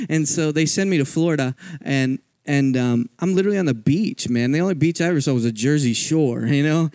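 A man's voice: a little high, brisk, few pauses, darkish tone, no echo. A man from Philadelphia giving a personal testimony as a guest speaker at a church, talking in a conversational storytelling way with frequent asides. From Philadelphia, USA.

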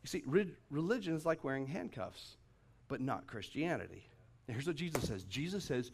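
A middle-aged male pastor with a notably high voice delivers a sermon. He talks emphatically, doubling back on phrases and working himself up with excitement. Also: moderate pace.

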